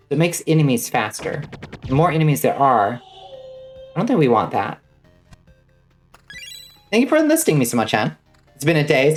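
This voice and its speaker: A woman streaming a game and chatting casually with viewers, rambling with many fillers and the odd swear word. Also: extremely low pitch. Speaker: vtuber streamer. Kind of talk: casual gaming stream chat.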